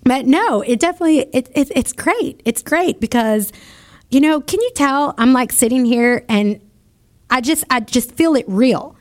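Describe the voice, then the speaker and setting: A chatty, upbeat woman in her forties hosting a motivational radio show from the studio. Her voice sits a bit high, and she laughs often between her pep talks. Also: animated, normal speed, a little mellow. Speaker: radio show host and salon owner.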